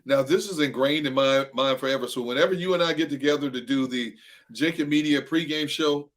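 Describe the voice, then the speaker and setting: A man's voice: mid-range voice, a little fast. A man guesting as a football analyst, telling stories animatedly in casual chat and laughing often.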